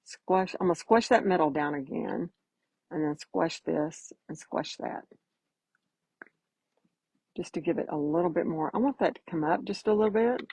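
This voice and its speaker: A chatty woman with a drawl walks viewers through a live painting demo in a folksy, easygoing way. Her voice sits low and a little husky. The sound is dry and close, with no room around it. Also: moderate pace, long pauses, a little mellow, dry recording, low-quality recording. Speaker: painting instructor.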